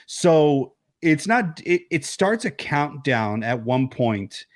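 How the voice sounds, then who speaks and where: A man co-hosting a horror film podcast over a remote call, retelling scenes with swearing and sudden high-voiced bits. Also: takes it slowly. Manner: animated, swearing, acts out scenes in high yelps. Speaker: podcast co-host. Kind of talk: casual film chat.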